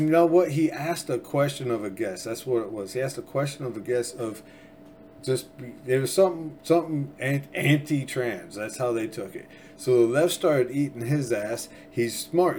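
A man's voice: mid-range voice, mellow, slight background noise. A man hosting a casual political commentary show, rambling and sarcastic, often restarting his sentences. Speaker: podcast host.

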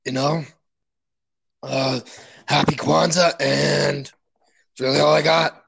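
A man joins a podcast as a guest and speaks hesitantly, often stopping on filler words. He talks slowly, in a heavily gravelly voice with a husky edge. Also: on the high side, steady tone, fairly bright tone. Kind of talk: casual chat.

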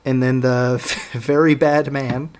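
A man's voice: medium pitch, flat delivery, takes it slowly, a little mellow, slight background noise. A man in casual chat, recapping a film plot with hesitant fillers and restarts. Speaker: podcast co-host.

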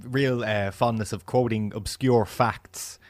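A man's voice: lowish voice, steady tone, takes it slowly, darkish tone, dry recording. A man co-hosting a casual film podcast, speaking hesitantly with fillers. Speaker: podcast co-host.

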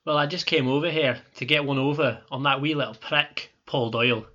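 A man's voice: medium pitch, a little fast, sharp tone, muffled recording. A man playing a vengeful Scottish football manager. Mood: blunt. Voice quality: crude, blunt, grudging. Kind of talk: comedy sketch acting.

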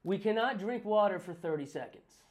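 A man's voice: sits high, animated, brisk. A man co-hosting a casual podcast, cursing and gasping in strained whispers as his mouth burns from a spicy chip. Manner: curses and gasps, drops to strained whispers. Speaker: podcast co-host. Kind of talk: casual chat.

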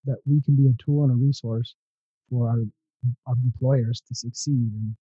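A man hosting a podcast interview, talking in a rambling way with many halting restarts. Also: mid-range voice, fairly even intonation, warm tone, breathy edge, dry recording, lo-fi sound. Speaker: podcast host. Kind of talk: casual interview chat.

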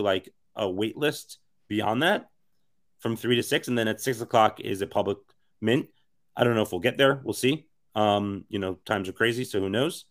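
A man with a raspy, hoarse voice talks as an interview guest, rambling with lots of fillers and restarts. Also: fairly low pitch. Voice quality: raspy, worn voice. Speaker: interview guest, NFT project co-founder. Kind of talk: casual podcast interview.

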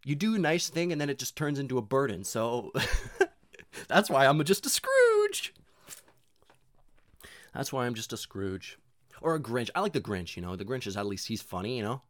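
A man's voice: medium pitch, expressive, quick pace, no echo. A young man rambling casually and profanely in a self-deprecating monologue, full of fillers and restarts.

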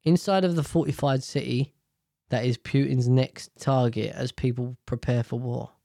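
A man's voice: medium pitch, steady tone, normal speed, gravelly, warm tone, no room sound, studio quality. A man in casual, rambling commentary on the news, swearing freely and often correcting himself.

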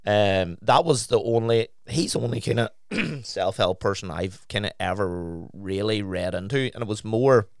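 A man chatting on a podcast, blunt and sweary as he tells his stories. His voice sits fairly low and comes across smooth. The recording is close and dry, with no room sound. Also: moderate pace, few pauses, no echo. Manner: blunt, sweary, animated storytelling. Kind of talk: casual chat.

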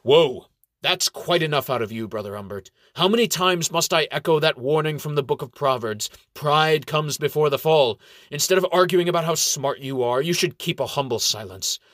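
A man voicing a stern male cleric who speaks in a measured, commanding way. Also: fairly high pitch, expressive, a bit bright, dry recording, studio quality, voice pushed up.

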